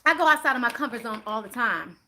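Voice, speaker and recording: A woman hosting a spiritual card-reading live stream. She chats casually with her viewers, calls them y'all, and gets animated and louder on the points she stresses. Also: fairly high pitch, fast talker, slight background noise. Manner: chatty and animated, rising louder on emphasis.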